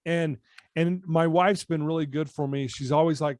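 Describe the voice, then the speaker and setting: Speaking from his office at home with no room sound, a man in personal development coaching shares a story on a podcast. His voice is fairly high at a moderate pace, and he animatedly performs the quoted lines.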